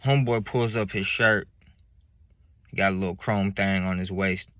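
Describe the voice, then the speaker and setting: A man's voice: low-pitched, fairly even intonation, normal speed, fairly bright tone, dry recording, clean studio sound. A man telling a story from his life in blunt, profane street slang. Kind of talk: casual spoken storytelling.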